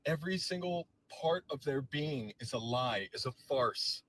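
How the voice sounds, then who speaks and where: A man's voice: medium pitch, lively intonation, measured pace, a bit bright, slight background noise, poor audio. A man delivering a heated, profane and sarcastic political rant to camera, visibly agitated. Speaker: political commentator.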